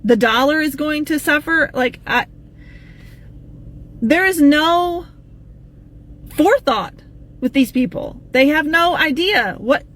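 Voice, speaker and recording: High-voiced, frustrated woman. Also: expressive, slow, pauses often, a bit bright. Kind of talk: political commentary vlog.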